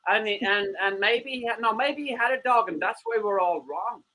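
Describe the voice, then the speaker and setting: A high-pitched man speaks at a moderate pace over a noisy background. He's co-hosting a livestream show, rambling and joking in casual chat, swearing freely and saying hello to viewers in the chat.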